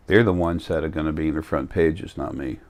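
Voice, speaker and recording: Deep-voiced blunt rambling man. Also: a little fast. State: tired. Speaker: vlogger. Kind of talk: casual monologue to camera.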